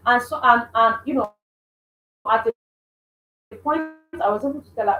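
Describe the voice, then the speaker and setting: Woman, parenting coach, earnest and repetitive delivery, higher voice, faint room hum. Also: measured pace, pauses often, sharp tone, dull audio. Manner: earnest, repeats points, frequent restarts. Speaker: mother. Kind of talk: instructive parenting talk. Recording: echoey room.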